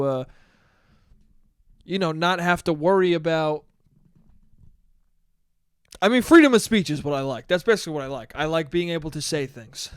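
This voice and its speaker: A man's voice: fairly high pitch, a bit bright, clear, resonant tone, no room sound, clean studio sound. A man in his twenties hosting a casual solo podcast, rambling and swearing as he laughs at his own jokes. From United States. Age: 20s. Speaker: podcast host.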